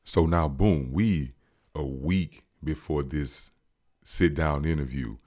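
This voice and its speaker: Low voiced guy recapping a show, real animated. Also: slow. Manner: animated, slangy, acts out quotes. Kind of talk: casual storytelling recap.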